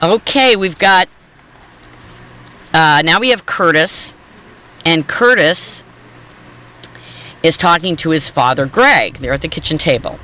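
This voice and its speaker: A woman radio host reading newspaper comic strips aloud, chatty and animated, with asides and fillers. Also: deep voice, takes it slowly, pauses often.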